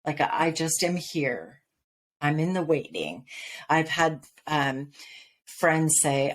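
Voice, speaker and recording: A woman's voice: low voice, expressive, slow pace. A woman who is a grief coach, a guest on a podcast interview, speaking earnestly with light laughs. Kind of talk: conversational interview.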